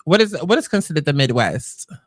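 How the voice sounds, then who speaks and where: Animated chatty woman commentary host. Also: low-pitched, a little fast, no echo, studio quality. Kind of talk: casual reaction commentary. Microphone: close podcast mic.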